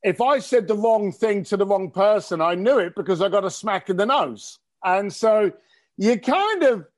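A man from East tells stories bluntly and cheekily, swearing freely. His voice sits high, and his pitch leaps around with animated energy. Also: moderate pace. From East London. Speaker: interview guest. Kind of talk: casual storytelling interview.

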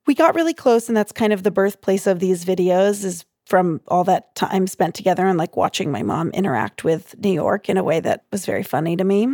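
A young adult woman, a comedian guest, telling stories in animated, casual chat full of "like". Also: fairly low pitch, a little fast, few pauses, dry recording, studio quality. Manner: animated, filler-heavy storytelling with lots of "like".

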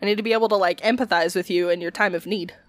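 A woman's voice: mid-range voice, fairly even intonation, very fast, no room sound. Blunt swearing woman cohost, dramatic, dry sound no room at all. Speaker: podcast co-host. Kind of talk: casual podcast chat.

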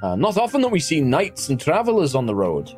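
Gracious old centaur host, put on by a man, pitched up high, animated, with faint music behind. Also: a little fast, breathy edge, exaggerated voice. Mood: welcoming. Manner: welcoming, repeats "come, come". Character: warm hospitable male centaur family leader, graying.

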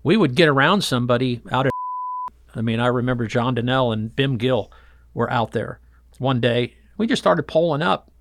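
A man who works as a fishing guide, telling old stories in a relaxed interview and acting out the voices of people in them. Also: mid-range voice, moderate pace. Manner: animated storyteller acting out voices in quotes. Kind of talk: storytelling interview chat.

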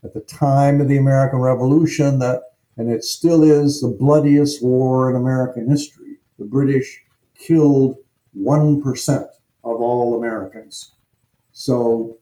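A man on a history panel explaining at an easy pace with fillers, his voice trailing off softly. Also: mid-range voice, reverberant, low-quality recording.

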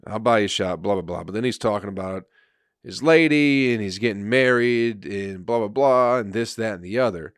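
A man's voice: lowish voice, normal speed, clean tone, dry recording, clean studio sound. A man, a comedian and podcast host, telling a rambling, profane story in casual chat with frequent laughter.

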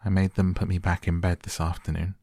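A man's voice: low voice, level tone, a little fast, darkish tone, dry recording, studio quality. A man voicing a spoiled, sickly young boy who whines and sneers. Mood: petulant. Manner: whiny, sneering.

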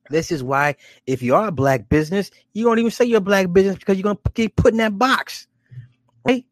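A man hosting a casual commentary, animated and profane, often laughing at his own stories. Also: on the high side, no room sound, studio quality.

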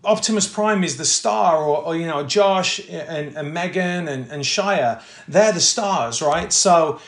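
A man, an actor telling anecdotes in a casual interview, animated and full of fillers, acting out quotes. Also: a little high, a little slow. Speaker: actor guest. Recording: echoey room.

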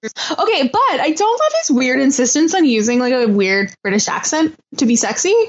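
A woman's voice: sits high, sing-song, moderate pace, highs cut off. A woman co-hosting a podcast, chatting casually and enthusiastically about reality TV and her hobbies. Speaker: podcast co-host. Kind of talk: casual chat.

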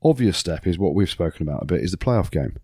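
A man hosting a sports podcast, bantering in a joking, animated way. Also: low-pitched, fast, husky, no echo, clean studio sound. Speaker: podcast host.

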